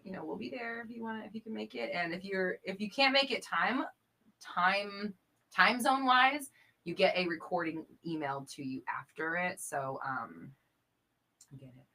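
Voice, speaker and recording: A woman's voice: medium pitch, normal speed, pushed and bright. A woman hosting a casual live-stream chat, reading out viewer comments, chatty and playful with frequent laughter. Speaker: host and coach.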